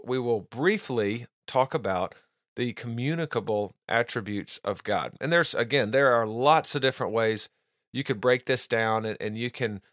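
A man's voice: medium pitch, fairly bright tone, dry recording, studio quality. A man hosting a podcast, teaching doctrine in an earnest, casual monologue, often restarting and repeating words and reading quotes aloud.

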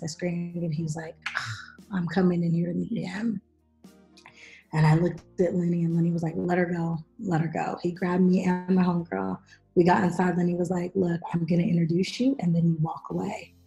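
A middle-aged woman hosting a podcast, chatting casually and telling animated stories with acted-out quotes. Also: on the low side, vocal fry. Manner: animated storyteller, acts out quotes. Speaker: podcast host. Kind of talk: casual chat.

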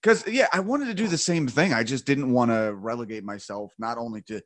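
Lively, animated male podcast host. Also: mid-range voice, a little fast. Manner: animated, jokey, rambling with playful outbursts. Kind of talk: casual podcast chat.

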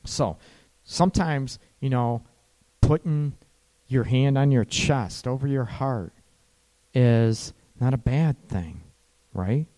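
A man hosting an advice show, talking casually about calming arguments between partners and tagging his sentences with "right?". He sometimes voices what a partner might say. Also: medium pitch, slow, long pauses. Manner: conversational, frequent "right?" tag questions; acts out partner's lines in quoted dialogue. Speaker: relationship advice host.

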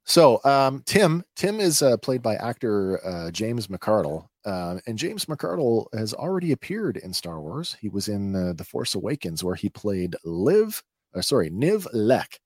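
A man hosting a podcast, recapping a TV episode in a conversational, halting way. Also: fairly low pitch, very animated, darkish tone, slightly rough, no echo, studio quality. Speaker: podcast host.

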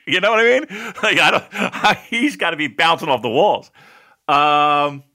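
A man co-hosting a casual podcast, joking and chatty, with his questions rising and falling widely. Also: fairly high pitch. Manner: joking, animated, with a put-on slow describing voice at times. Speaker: podcast co-host. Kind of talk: casual podcast chat about wrestling.

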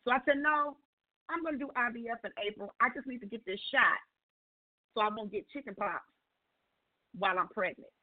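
A woman guest on a call-in radio show, telling a personal testimony in a lively storytelling way and acting out the dialogue. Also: a little high, fairly quick, long pauses, no echo. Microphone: phone. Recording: tinny phone line.

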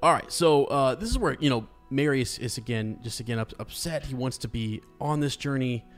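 A man's voice: medium pitch, lively intonation, brisk, soft background music. Man musing over a book with restarts. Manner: thinking aloud with many restarts and fillers. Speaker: podcast co-host. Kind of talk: casual book discussion with read-aloud passages.

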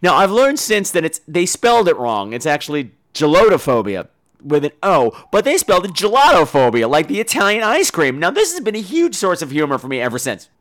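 Hosting his podcast, a young man rants sarcastically and profanely about everyday irritations, breaking into goofy put-on voices for comic effect. He talks a little fast, in a slightly high, fairly bright voice that swings hugely in pitch.

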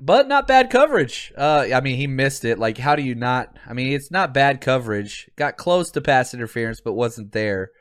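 Animated man hosting a football livestream. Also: medium pitch, moderate pace, hardly any pauses. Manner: animated, chatty, laughs often. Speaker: podcast host; teacher and football coach. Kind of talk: casual livestream chat.

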